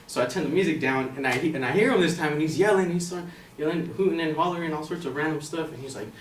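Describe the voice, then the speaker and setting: A young man telling a personal story on stage in a casual, animated, slangy way. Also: on the high side, quick pace, distant mic. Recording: roomy hall from afar, faint noise.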